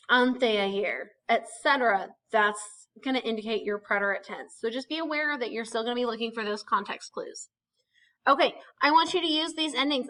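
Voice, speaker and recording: A woman's voice: on the high side, sharp tone, low-quality recording. A woman, a teacher explaining a lesson step by step, often saying "okay" and "um.". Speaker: Spanish teacher. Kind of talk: recorded lesson narration.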